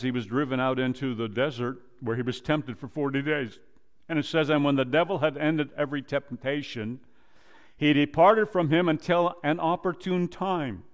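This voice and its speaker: A male pastor preaching a sermon, quoting scripture and acting out dialogue, swinging from loud emphasis down to a low hush. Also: smooth. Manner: preaches slowly, rises loud then drops to a low hush; quotes scripture and acts out dialogue.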